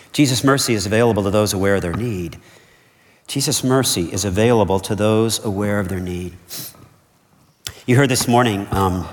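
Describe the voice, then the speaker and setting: A man preaching a sermon as pastor, earnest and conversational, repeating his key points and checking in with "okay?". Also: on the low side. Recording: long reverb of a large hall.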